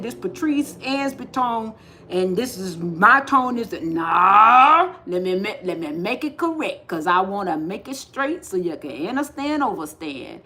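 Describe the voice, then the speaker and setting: A woman giving a slow, repetitive spiritual talk on a livestream, speaking with emphatic insistence. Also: medium pitch, very animated. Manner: rising to forceful insistence. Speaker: spiritual teacher.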